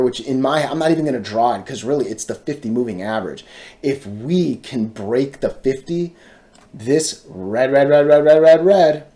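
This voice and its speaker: A man riffs through stock charts in a loose, excitable way, chanting words over and over and constantly checking in with viewers. His voice is mellow and dark, sitting at a middle pitch. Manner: talks to viewers directly, frequent "right?" and "all right?". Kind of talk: casual stock chart commentary.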